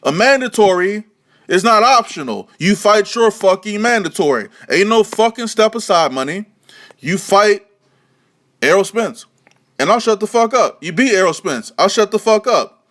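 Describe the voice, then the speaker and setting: A man's voice: sits high, expressive, normal speed, a bit bright. A man rants about boxing, swearing freely. He mocks and repeats himself in a heated, scornful vlog delivery. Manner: heated, mocking, repetitive. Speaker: boxing vlogger. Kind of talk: profane ranting commentary.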